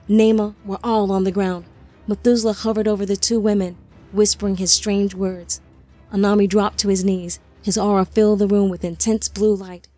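A woman narrating an audiobook in a measured, somber storytelling manner on a close mic. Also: medium pitch, mellow, dry recording.

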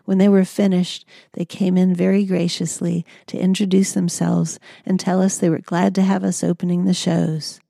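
A woman reading her own memoir aloud in a calm, measured storytelling manner. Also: on the low side, vocal fry, no room sound, clean studio sound. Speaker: memoir narrator. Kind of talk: audiobook memoir narration.

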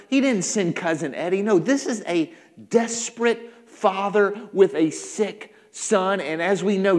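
Brief: male pastor, slightly high voice, punchy repeated phrases, long church-hall echo. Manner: emphatic preaching with repetition, acting out quotes. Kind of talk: sermon. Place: church sanctuary.

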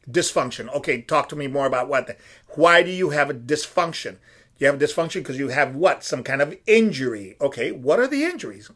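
A middle-aged man hosting a casual podcast, with a lively voice that climbs and dips as he talks. He talks like a coach, swears freely and quizzes himself before he answers. His voice sits a bit high for a man. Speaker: podcast host and strength coach.

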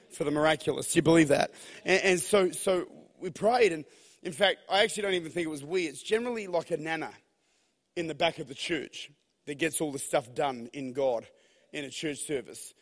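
A man preaching a sermon in a large church hall, telling stories in a lively, animated way that swings from hushed to shouting. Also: a little high, brisk. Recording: long hall reverb.

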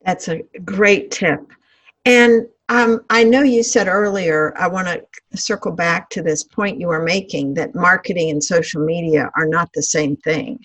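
A woman with a fairly low voice hosts a podcast interview. She is encouraging and measured as she sets up questions for her guest. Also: fairly even intonation, fairly bright tone. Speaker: podcast host.

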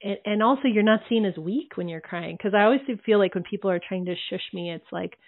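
A woman's voice: mid-range voice, brisk. A woman host who runs women's circles talks candidly and with animation, dropping swear words without hesitation. Her voice comes through narrow and tinny, like a phone line. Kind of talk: casual conversation.

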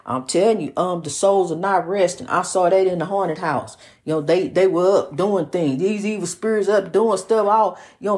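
A woman talking straight to camera in a personal testimony, preachy and repetitive, often calling the listener honey. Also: mid-range voice. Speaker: vlogger.

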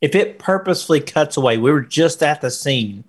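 A man's voice: fairly high pitch, lively intonation, fairly quick, slightly rough. A man co-hosting a casual podcast chat, arguing his point insistently. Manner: insistent, argumentative. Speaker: podcast co-host.

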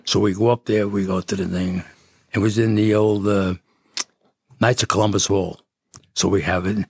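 A man's voice: lowish voice, little pitch movement, moderate pace, creaky, slightly rough, no room sound, studio quality. A man in his eighties from City, telling rambling stories as a podcast guest. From Jersey City, New Jersey. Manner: rambling, with frequent restarts and chuckles. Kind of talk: casual storytelling.

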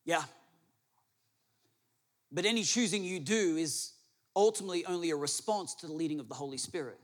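A male pastor preaches emphatically to a congregation in a church hall with an audience, repeating his phrases and putting questions to the room. His slightly high voice moves at a quick pace, with the sound of a large hall.

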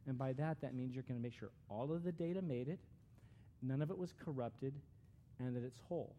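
A man's voice: mid-range voice, brisk, dark tone, muffled recording, a little hiss or hum. A man giving a conversational, earnest sermon as a pastor, with frequent restarts.

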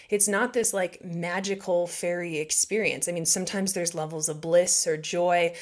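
A woman's voice: lowish voice, brisk, few pauses. A woman hosting a podcast, talking casually and reflectively about spirituality, filling her speech with "like" and "right?" and acting out the inner voices she quotes. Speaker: podcast host.

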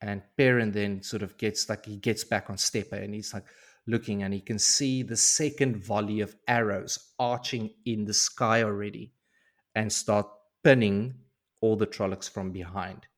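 Low-voiced man retelling a story. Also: moderate pace. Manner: animated storyteller, slangy. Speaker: podcast co-host. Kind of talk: casual book recap.

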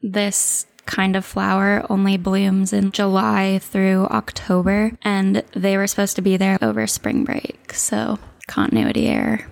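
A woman with a gravelly, mid-pitched voice drops trivia and dry side remarks into a film chat. She sounds casual and easygoing. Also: measured pace, hardly any pauses, no echo. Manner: adds trivia and wry asides. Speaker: podcast co-host.

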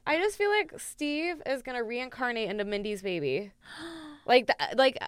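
A woman's voice: a little high, expressive, normal speed, clear, resonant tone, dry recording, studio quality. A woman hosting a podcast, chatting casually in a blunt, joking way with casual swearing. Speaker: podcast host. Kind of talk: casual chat.

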